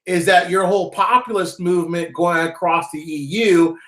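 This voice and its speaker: A man hosting a live call-in stream talks in a loose, rambling, joking way. His voice sits a little high for a man and rings in a roomy space. His casual chat jumps between reading news items and bantering with callers. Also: fairly even intonation, normal speed, a bit bright. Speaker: host of a live call-in currency show. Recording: roomy echo.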